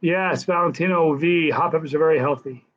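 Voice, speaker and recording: A man in his sixties hosting a casual live stream Q&A, telling stories in a chatty, animated way. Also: a little high, a little fast. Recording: dull lo-fi live stream audio.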